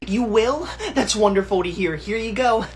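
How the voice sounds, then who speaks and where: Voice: mid-range voice, moderate pace, a little hiss or hum, close to an everyday voice. A performer playing an entitled, bossy schoolkid in a comedy skit, talking in a haughty, scolding, mock-formal way. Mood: fake-outraged. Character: bossy entitled schoolkid who bullies classmates. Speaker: content creator.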